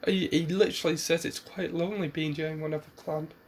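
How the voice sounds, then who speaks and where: A man's voice: fairly high pitch, fairly even intonation, fast, slight background noise. A man casually retelling a fan-made story, rambling with restarts and asides.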